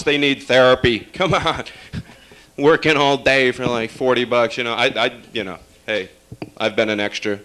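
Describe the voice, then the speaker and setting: A man from upstate New York doing a stand-up set in a bright, clear voice. He rambles through his bits with wry, deadpan asides and plenty of fillers. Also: medium pitch. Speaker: stand-up comedian.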